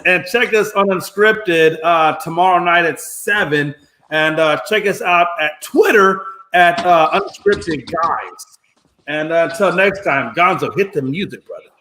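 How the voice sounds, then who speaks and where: A man hosting a sports talk show, energetic and steering the conversation along. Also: on the high side, slight background noise. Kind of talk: casual sports banter. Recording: roomy echo.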